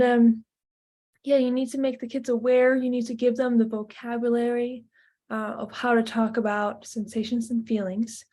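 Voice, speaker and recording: A woman's voice: fairly high pitch, mellow. A woman giving an informal lecture to parents, talking in a chatty way with many fillers.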